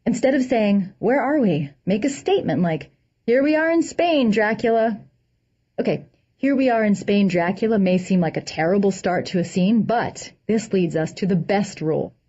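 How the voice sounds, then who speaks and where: A woman's voice: mid-range voice, mellow, husky. A woman reading a humorous essay aloud with a dry comic delivery, acting out the quoted lines. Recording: dull lo-fi recording.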